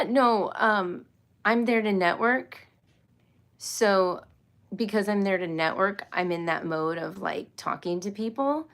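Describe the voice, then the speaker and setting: A middle-aged woman hosting a casual livestream for homeschool viewers, tired and a bit loopy, rambling, giggling and apologizing as she talks. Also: lowish voice. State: tired and loopy after a long workday.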